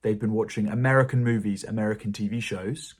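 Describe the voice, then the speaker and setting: A man with a British RP accent teaching a pronunciation lesson in a calm, encouraging way. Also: on the low side, fast, husky. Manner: calm, encouraging explanation to learners. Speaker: English teacher.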